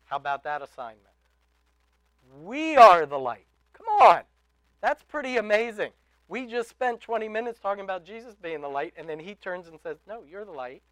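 Emphatic male preacher, high clear voice. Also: very animated, moderate pace, no room sound, poor audio. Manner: emphatic, rising to loud exhortations. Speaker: pastor. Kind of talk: sermon.

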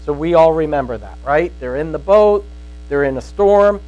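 A man's voice: on the high side, lively intonation, normal speed, a little mellow, low-quality recording. A man giving a conversational sermon as a Bible teacher, telling stories in a folksy way and often checking in with his listeners. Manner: storytelling, folksy, asks "right?" often.

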